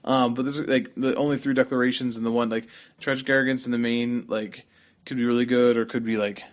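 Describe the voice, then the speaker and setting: A man's voice: medium pitch, flat delivery, brisk. A man co-hosting a casual game podcast, rambling with many fillers and slightly losing his voice. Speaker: podcast co-host. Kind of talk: casual gaming chat.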